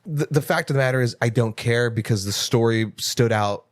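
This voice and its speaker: A man co-hosts a casual movie podcast, ranting and swearing freely. His pitch leaps when he gets excited. The sound is dry and close, with no room echo. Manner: animated, profane ranting with quick jumps in pitch. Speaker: podcast co-host. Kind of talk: casual chat.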